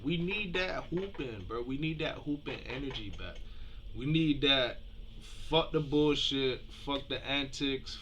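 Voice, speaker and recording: Hyped young man reacting loudly. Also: mid-range voice, a little hiss or hum. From South Florida. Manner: hyped, profane, swings from yelling to muttering. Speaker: reaction video host. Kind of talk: excited casual reaction commentary.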